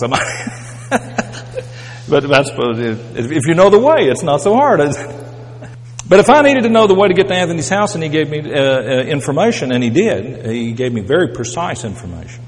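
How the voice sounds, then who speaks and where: A man's voice: a little high, big-room sound. A man preaching a sermon in a conversational but emphatic way, often repeating words as he builds a point.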